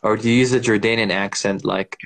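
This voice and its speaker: A man co-hosting a casual podcast, agreeable and relaxed, asking his partner questions. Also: fairly low pitch, a little fast, vocal fry. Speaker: podcast co-host. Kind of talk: casual chat.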